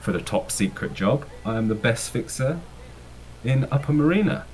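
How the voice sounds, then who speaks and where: A man's voice: mid-range voice, expressive, moderate pace, darkish tone, a little hiss or hum, pitched above the performer's own voice, natural voice, low-quality recording. A man voicing a boastful, hospitable male fixer in a tabletop game, in a plain easygoing voice. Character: boastful laid-back male island fixer.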